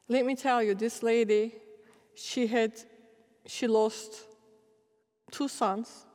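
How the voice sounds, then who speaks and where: A middle-aged woman preacher telling animated, laughing stories in a sermon. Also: fairly high pitch, takes it slowly, long pauses. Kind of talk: storytelling sermon. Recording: long hall reverb.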